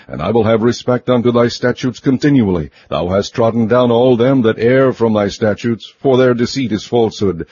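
A man giving a steady, measured scripted scripture reading, recorded slightly muffled and dry. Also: lowish voice, slightly rough, dry recording. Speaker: scripture reader.

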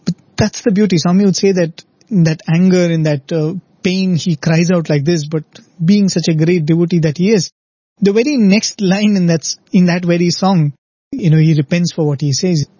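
Husky man giving a devotional talk. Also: sits high, moderate pace, warm tone, dry recording, highs cut off. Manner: earnest, reflective, often ends points with "right?". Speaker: spiritual speaker. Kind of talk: devotional discourse.

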